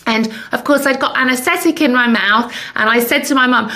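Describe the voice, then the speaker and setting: A woman's voice: fairly high pitch, a little fast, creaky, few pauses, bright, forceful tone. A woman in her fifties hosting a podcast, telling a personal story candidly with self-mocking humor. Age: 50s. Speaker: podcast host.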